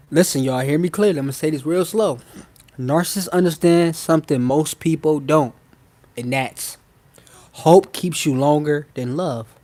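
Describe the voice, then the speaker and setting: A man's voice: on the high side, a little mellow. A man hosting a live-stream masterclass, talking in a slangy, emphatic way, repeating key phrases and checking in with his listeners. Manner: slangy and informal. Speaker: self-help channel host.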